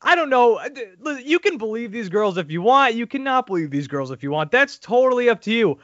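Brief: male podcast host, high voice, crude and animated, dry lo-fi sound. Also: brisk, no echo. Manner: animated, crude, laughing asides. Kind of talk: casual sports podcast chat. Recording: dull lo-fi audio.

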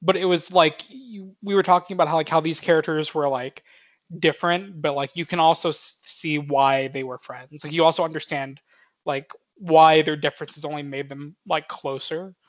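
A young man chats casually on a movie podcast, rambling through one thought after another with many fillers. His voice sits a little high, and the sound is muffled and lo-fi. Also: steady tone, moderate pace. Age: young adult. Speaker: podcast co-host. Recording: muffled lo-fi audio.

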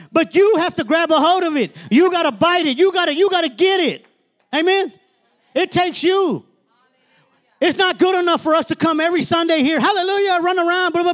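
A man's voice: extremely high pitch, a bit bright. A man preaching a sermon as minister, emphatic and colloquial, often calling out "Amen?" to the congregation.

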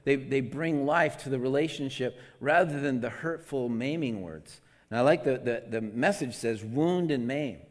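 A man's voice: mid-range voice, moderate pace, few pauses. A man giving an earnest, conversational devotional talk as a preacher, often restarting his sentences. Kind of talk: devotional teaching. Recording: long hall reverb.

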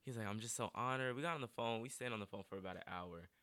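A man's voice: on the low side, very fast, a bit bright. A young adult man from North Carolina, a guest artist in a casual interview, talking earnestly and emotionally with lots of "like". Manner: earnest, emotional, heavy use of "like".

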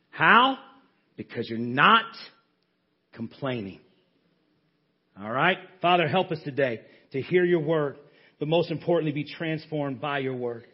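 A man preaching a sermon in a church, his voice high and husky. He delivers it with animation and playfully mocks the complainers he acts out. The recording sounds dull and muffled. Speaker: pastor. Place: church sanctuary.

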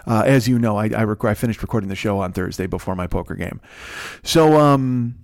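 A man's voice: fairly low pitch, fairly quick. A man with a Chicago accent and a radio voice, hosting a solo comedic podcast rant, rambling and profane with frequent restarts. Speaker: podcast host.

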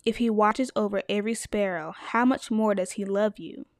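An earnest young woman talks to her podcast listeners about faith. Her voice sits at a middle pitch and turns emotional as she speaks straight to them. The recording is close and dry. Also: moderate pace, no room sound. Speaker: podcast host. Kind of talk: personal faith talk to listeners.

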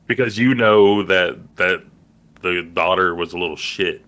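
Low-voiced man chatting casually. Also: measured pace, fairly bright tone. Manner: rambling, asks questions, many fillers. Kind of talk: casual chat about films.

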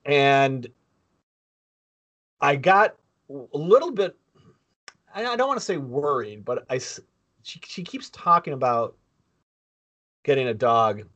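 A middle-aged man who grew up near the Canadian border, co-hosting a podcast in a halting, thoughtful way. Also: mid-range voice, lively intonation, fairly bright tone, highs cut off. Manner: halting and thoughtful, many fillers and restarts. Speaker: co-host. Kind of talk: casual podcast chat.

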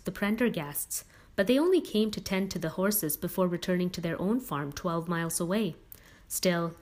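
Woman narrator, audiobook, steady and measured, slightly low pitch. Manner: steady, measured first-person reading.

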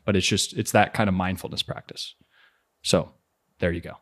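A man's voice: deep voice, fairly even intonation, normal speed, fairly bright tone. A man hosting a podcast in casual chat, laid-back, laughing a lot and swearing freely. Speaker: podcast host.

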